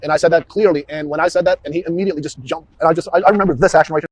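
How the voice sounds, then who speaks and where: A man, a police officer, walking investigators through events in a halting way, often repeating words and restarting. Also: on the high side, steady tone. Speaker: police officer questioned about a shooting. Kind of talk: recorded interview walkthrough.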